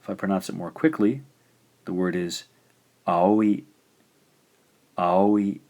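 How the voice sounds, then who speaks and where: A man narrates a recorded lesson in a somewhat low voice. He sounds out syllables slowly and deliberately, repeating each one, and fills pauses with "uh" as he explains. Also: gravelly, a little mellow, lo-fi sound. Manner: slow, careful pronunciation drills with frequent "uh" fillers. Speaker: language teacher.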